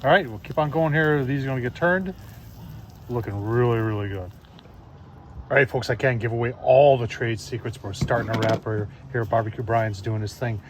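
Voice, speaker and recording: A man's voice: medium pitch, normal speed, a little hiss or hum. Folksy man showing off barbecue ribs. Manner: folksy, keeps saying "folks" and "I tell you what". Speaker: barbecue video host. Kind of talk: casual cooking demonstration.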